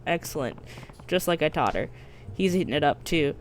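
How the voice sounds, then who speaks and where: A woman's voice: low voice, animated, normal speed, voice pushed down. A woman voicing a stoic middle-aged male yakuza hero, reading game dialogue on stream in a dry, matter-of-fact way, with faint noise behind.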